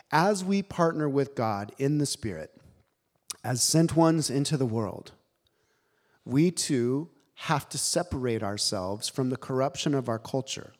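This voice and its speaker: A man preaching a sermon, animated and emphatic, telling the story with dramatic pauses. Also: medium pitch.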